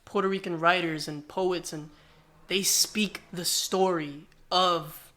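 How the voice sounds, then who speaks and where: A man's voice: high voice, takes it slowly. A man, a rapper guest, telling stories in a casual podcast chat, acting out the exchanges he describes. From New Jersey, US. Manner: animated storytelling, acts out quoted exchanges.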